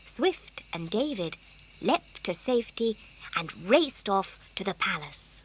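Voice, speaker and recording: A woman narrating a children's audiobook in a gentle, expressive storytelling manner. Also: mid-range voice, takes it slowly, slight background noise. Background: soft background music.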